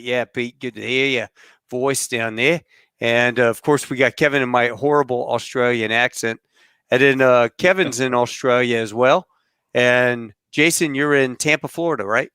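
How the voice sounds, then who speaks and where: A man's voice: mid-range voice, fairly even intonation, normal speed, fairly bright tone, clean tone, no room sound, clean studio sound. A middle-aged man hosting a podcast in a loose, rambling chat with fillers and pilot slang. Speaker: podcast host.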